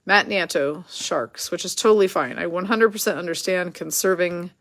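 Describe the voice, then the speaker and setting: A woman with a lowish, gravelly voice hosts a live card break. She runs through names and teams in a chatty, easygoing way and laughs at her own mistakes. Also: normal speed, fairly bright tone.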